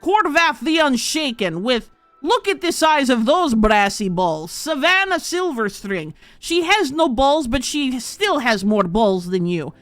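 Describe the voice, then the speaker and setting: Woman putting on a loud, brash townswoman who heaps scorn on people, her voice pitched way up and pushed, tabletop game character. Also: sing-song, measured pace, no echo, faint music behind, full character voice. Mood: mocking. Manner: crude, mocking, scornful. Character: brash insulting middle-aged woman townsperson.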